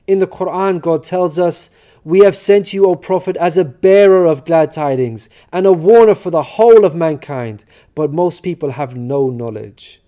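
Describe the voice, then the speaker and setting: A man narrating a prepared script with a higher-than-usual pitch. His tone is soft and mellow, with no edge to it. He reads at a measured, earnest pace, explaining each point in turn. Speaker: religious narrator.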